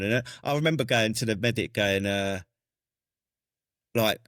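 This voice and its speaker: A man's voice: mid-range voice, normal speed, long pauses, a bit bright, dry recording, studio quality. A man hosting a veterans' podcast, chatting casually with his guest, swearing and chipping in with short agreements. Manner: laid-back, swears, chips in with short agreements. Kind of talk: casual chat.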